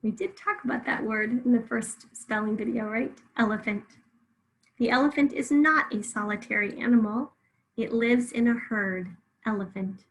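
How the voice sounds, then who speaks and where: A woman teacher with a fairly high voice works through a spelling lesson. She speaks clearly and deliberately, stretching out syllables so each sound can be heard. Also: a bit bright, slight background noise, rough recording.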